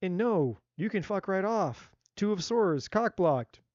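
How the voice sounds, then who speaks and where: A man giving a live tarot reading in a blunt, animated way, swearing freely and acting out what people might say. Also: sits high, a little slow, no room sound, lo-fi sound. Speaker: tarot reader.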